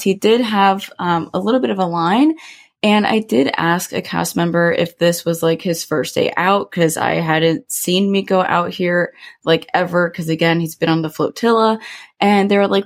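A woman co-hosting a podcast, telling a personal story in casual chat with lots of fillers. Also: lowish voice. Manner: chatty storytelling with many fillers. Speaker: podcast co-host.

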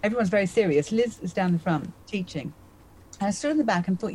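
A husky-voiced woman in her fifties spins a personal anecdote for a podcast host, moving quickly from scene to scene. She acts out her own thoughts along the way, and her voice is mid-pitched with a breathy edge. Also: lively intonation, dark tone, poor audio. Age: 50s. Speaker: podcast guest, magician. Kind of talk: animated storytelling in a conversation.

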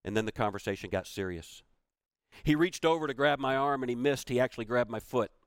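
A man's voice: medium pitch, fairly quick, clean tone, no echo, clean studio sound. A man giving a motivational keynote. He tells a personal story with emphasis and repeats key phrases for weight. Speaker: motivational speaker.

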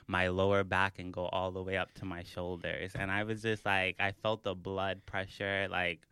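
A young man on a podcast, telling an animated story in casual chat, full of fillers. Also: sits low, moderate pace, clean tone, dry recording. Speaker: podcast host.

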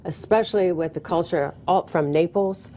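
Lower-voiced woman guest chatting casually. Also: moderate pace, dark tone, a little hiss or hum. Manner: conversational, agreeable, informative. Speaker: mortgage lender guest. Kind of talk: casual talk show chat.

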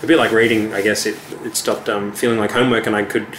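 A young man, a musician, answers interview questions in a relaxed, halting way, full of ums and restarts. His voice sits fairly low. The recording is roomy and echoey, with a faint hum of background ambience. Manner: hesitant, many fillers and restarts. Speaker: musician guest. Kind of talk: casual interview chat.

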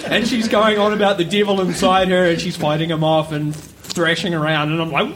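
A man's voice: sits high, normal speed, few pauses, heavy background noise. A man, co-hosting a podcast and telling a story casually, laughing and acting out voices as he goes. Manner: animated, laughs often, acts out voices. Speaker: podcast co-host. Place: live recording with audience.

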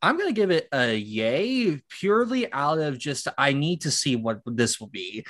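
A man's voice: fairly high pitch, very animated, a little slow, fairly bright tone, dry recording, clean studio sound. A man co-hosting a casual podcast, curious and easygoing. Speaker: podcast co-host.

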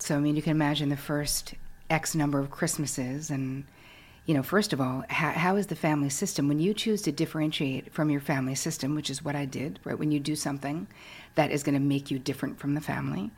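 A middle-aged woman speaks in a low, husky voice, retelling her past with frank, self-mocking candor. She is a guest in an interview. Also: darkish tone. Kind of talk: candid storytelling.

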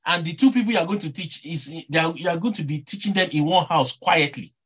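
A man with a Nigerian accent preaching a sermon, animated and rhetorical, often repeating words and asking his listeners "eh?". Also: fairly high pitch, fast talker, slightly rough.

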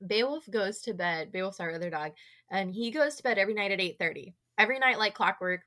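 A woman's voice: mid-range voice, fast talker, bright, forceful tone. A young adult woman hosting a podcast from home, chatting casually and putting on playful voices for her dogs. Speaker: podcast host. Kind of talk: casual chat. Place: home, remote recording.

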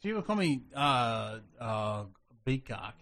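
A man hosting a casual show, introducing video clips with deadpan jokes and many fillers. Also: mid-range voice, slow pace, heavy background noise. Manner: deadpan joking, hesitant with fillers. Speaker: host.

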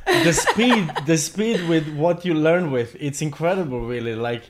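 A man's voice: fairly high pitch, sing-song, a little slow. A man co-hosting a casual chat podcast. He talks in an easygoing way, restarting his sentences and laughing along. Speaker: co-host.

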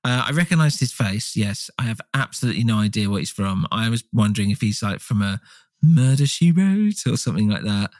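A man co-hosting a casual film podcast, rambling and swearing with lively asides. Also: lowish voice, fairly quick, no echo. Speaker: podcast co-host.

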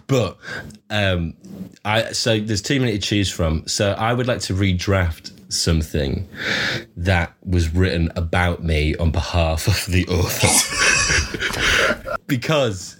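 A man's voice: low voice, slow, breathy edge. A man, a comedian and poet, guesting on a podcast and chatting in a playful, self-mocking way with frequent laughs. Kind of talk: casual podcast chat.

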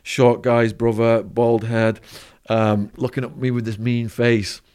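A man's voice: medium pitch, little pitch movement, slow pace, a little mellow, clear, resonant tone. A man with an English accent, a podcast guest telling a vivid story and acting out the voices of the people in it. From England. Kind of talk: storytelling interview.

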